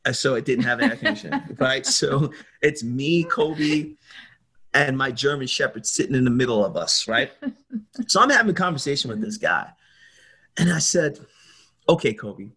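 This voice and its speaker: A husky-voiced middle-aged man spins a lively story. He jumps into other people's voices and laughs along as he goes. His pitch sits in the middle. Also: measured pace. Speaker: guest telling a story. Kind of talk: animated storytelling.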